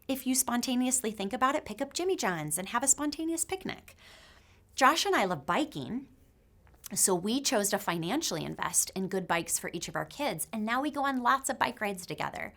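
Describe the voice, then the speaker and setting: Middle-aged woman, encouraging speaker for a moms' group, conversational and heartfelt. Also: a little high. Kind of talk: encouraging faith-based talk.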